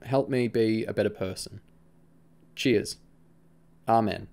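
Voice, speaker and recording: A man's voice: fairly low pitch, takes it slowly, darkish tone. A man voicing a defensive, troubled young boy who sulks and pleads with his friend. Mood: sheepish. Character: defensive troubled twelve-year-old boy.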